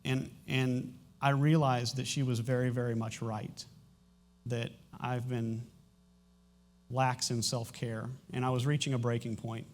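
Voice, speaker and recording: A middle-aged pastor addresses his congregation from a church stage, with a voice of ordinary middle pitch for a man. He talks candidly and haltingly, restarting sentences as emotion presses in, plainly struggling to hold it together. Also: flat delivery. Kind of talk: sermon announcements and personal testimony. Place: church sanctuary.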